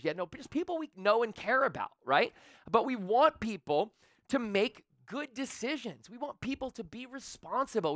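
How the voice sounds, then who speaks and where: A male pastor delivers a sermon in a casual, conversational way, asking the room rhetorical questions. His voice is bright and a little high. The sound is dry and close. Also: no echo. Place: church.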